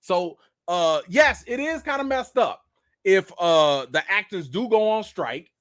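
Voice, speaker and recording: Young guy chatting film news on his live stream, talks right at the viewers, voice jumps all over, pretty high, dry close sound. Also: measured pace, no echo. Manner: animated, talks straight to viewers with lots of "y'all" and "okay". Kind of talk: casual live chat about film news.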